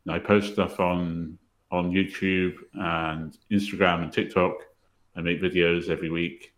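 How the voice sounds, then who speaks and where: A man talking as a podcast guest, relaxed and modest, pausing on soft "um"s. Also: sits low. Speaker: podcast guest, language website creator. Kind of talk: casual interview conversation.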